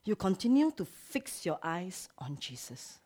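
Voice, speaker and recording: A woman pastor preaching a sermon. She drops to hushed whispers, then rises to loud exclamations. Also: lowish voice, big pitch swings, a little slow, husky.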